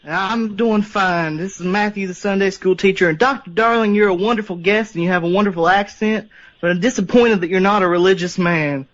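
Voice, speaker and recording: A man's voice: high voice, a little fast, fairly bright tone, dull audio. A man calling in to a radio show, speaking in a preachy, disapproving manner. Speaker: caller. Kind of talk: phone-in call.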